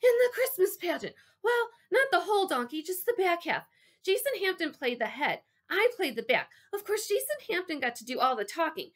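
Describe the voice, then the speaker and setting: Storybook boy, nervous and overeager, high lively voice, loud and blurty, read by a woman. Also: takes it slowly, full character voice. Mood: eager. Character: eager, nervous boy auditioning.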